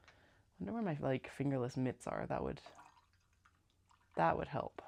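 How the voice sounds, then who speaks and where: A woman with an extremely low, gravelly, slightly mellow voice speaks in a sing-song way at a normal speed. She's a sewing vlogger wearing a clip-on mic, chatting casually while she works in her basement and muttering to herself and her cats.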